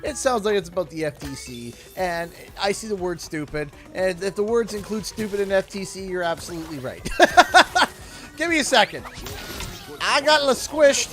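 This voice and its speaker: Talking to his chat as he plays, a young Canadian streamer offers excitable, jokey, casual commentary. His voice sits high, he speaks at a moderate pace, and faint music plays behind him.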